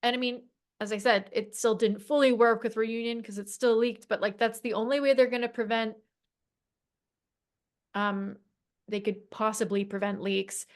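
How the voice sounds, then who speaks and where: A woman's voice: on the high side, steady tone, moderate pace. A woman guest in a casual chat, talking emphatically with many fillers and some swearing.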